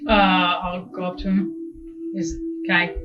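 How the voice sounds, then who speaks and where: A woman player asks quick, eager questions about the rules. Her voice comes through a slightly dull, lo-fi mic, with music faintly behind her. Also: lowish voice, flat delivery. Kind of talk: casual tabletop game play.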